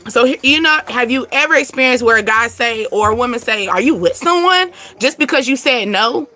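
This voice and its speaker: Chatty bright-voiced woman reading cards. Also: a little high, brisk. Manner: chatty, repetitive, laughs often. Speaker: tarot card reader. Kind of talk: casual spiritual card reading.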